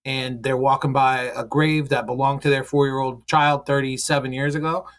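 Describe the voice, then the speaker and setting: A man's voice: mid-range voice, little pitch movement, moderate pace, fairly bright tone. A man hosting a podcast in casual chat, joking and swearing as he rambles through a story. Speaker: podcast host.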